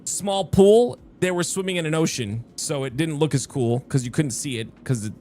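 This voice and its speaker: Chatting loosely with viewers during a live game stream, a man rambles and keeps breaking off mid-thought. His voice is on the high side, animated and mellow at a moderate pace, with a little hiss or hum and faint background music.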